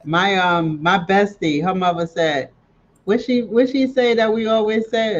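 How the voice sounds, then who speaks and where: Brief: slow-talking, giggly man, a bit high, heard over dull lo-fi audio. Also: fairly even intonation. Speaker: livestream co-host. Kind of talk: casual chat.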